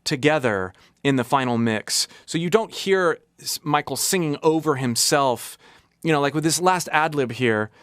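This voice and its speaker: A man's voice: on the high side, normal speed, a bit bright, clean tone, no room sound, clean studio sound. A man hosting a casual music breakdown, talking enthusiastically and analytically over the song he is playing. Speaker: music reaction host.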